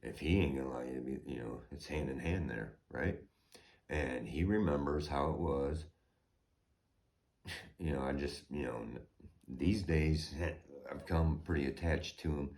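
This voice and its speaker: A middle-aged American man with a very deep, low-pitched voice, talking in a rambling, profane personal vlog. He drifts between quiet, trailing asides and heated, indignant stretches. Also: unhurried. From United States. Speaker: homeowner vlogger.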